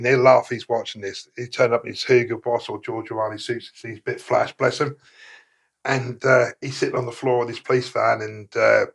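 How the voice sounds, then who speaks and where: A middle-aged man, a podcast guest telling rough stories casually, rambling and swearing with many fillers. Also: mid-range voice. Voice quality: gravelly, husky. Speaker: guest, former prisoner. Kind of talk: casual storytelling in a podcast interview.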